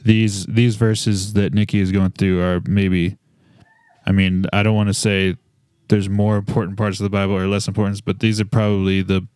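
Chatty low-voiced man jumping in. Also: flat delivery, normal speed, a little mellow, clear, resonant tone, no room sound, clean studio sound. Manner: chatty, jumps in with asides and fun facts. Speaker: podcast co-host. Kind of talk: casual Bible study podcast.

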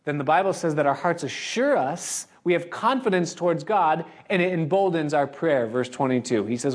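A man's voice: fairly high pitch, animated, moderate pace, hardly any pauses. A male pastor delivering an earnest, expository sermon and addressing the congregation directly. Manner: earnest, expository, acts out the congregation's inner voices.

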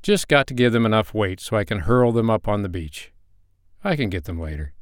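A man's voice: lowish voice, lively intonation, a little fast, no echo, clean studio sound, close to an everyday voice. A man voicing a confident, playful young man in an audio story, speaking in a jokey, upbeat and somewhat commanding way. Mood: teasing.

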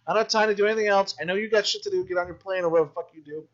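A man who makes independent films, telling stories in casual podcast chat, animated and full of swearing. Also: high-pitched, very fast, dull audio. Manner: profane, animated storytelling. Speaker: independent filmmaker.

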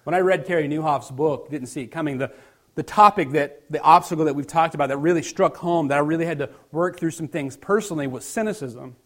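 A man's voice: a little high, quick pace. Man preaching a conversational sermon. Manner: conversational storytelling, dropping to quiet emphasis. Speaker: pastor.

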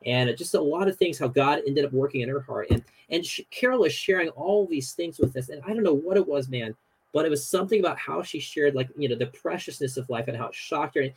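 A young man, a guest on a podcast, telling a story in a casual, animated way with lots of fillers. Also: a little high, quick pace, husky, poor audio.

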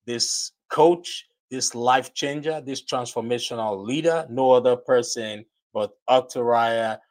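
A man's voice: mid-range voice, measured pace. A man with a Nigerian accent hosts a motivational show with a mid-range voice. He talks with enthusiasm and builds up introductions the way a preacher would. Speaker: podcast host. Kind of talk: motivational podcast talk.

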